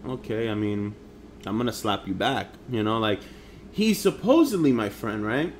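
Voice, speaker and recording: His fairly low voice is animated and moderately paced, with faint music in the background. A young man from Harlem, New York, he tells personal stories on a casual vlog in a blunt, profane, slang-heavy style.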